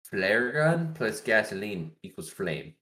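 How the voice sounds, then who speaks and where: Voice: medium pitch, very animated, takes it slowly, pushed and bright. A co-host telling a laughing, sarcastic story in casual chat about a bad movie. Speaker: podcast co-host.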